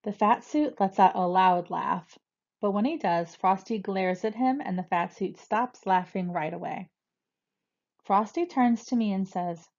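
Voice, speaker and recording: A woman reading a novel aloud in a plain, even way. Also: mid-range voice, a little slow. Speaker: reader. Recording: dull lo-fi recording.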